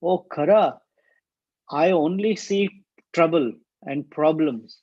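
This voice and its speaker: A man's voice: on the high side, slow, darkish tone, dry recording, pitched above the performer's own voice. A man voicing a wounded, desperate female demon who laments and pleads for help. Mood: despairing. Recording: dull, dry lo-fi recording.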